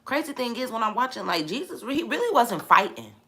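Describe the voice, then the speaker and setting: Woman preaching casually on her vlog, bright voice, all over the place pitch-wise, real emphatic. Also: very animated, a little fast. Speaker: vlogger. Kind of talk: casual faith talk.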